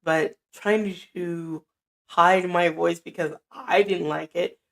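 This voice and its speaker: A middle-aged woman with a deep, soothing, grounded voice, giving a casual motivational talk and acting out both sides of conversations. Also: fairly even intonation, takes it slowly, gravelly. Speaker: podcaster. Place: indoor room at night.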